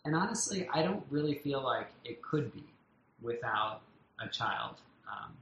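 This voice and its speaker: A man talking warmly and at length about his young daughter, tender and rambling with many restarts and fillers. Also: medium pitch, very animated, a little slow, gravelly, roomy sound, highs cut off, slight background noise. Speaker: parent being interviewed. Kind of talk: casual heartfelt conversation. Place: home in a loud neighborhood.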